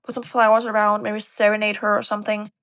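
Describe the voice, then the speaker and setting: A young woman vlogging in casual chat, animated and sarcastic, swearing a lot and tagging lines with "like" and "right?". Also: medium pitch, fast, clear, resonant tone, dry recording. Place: bedroom.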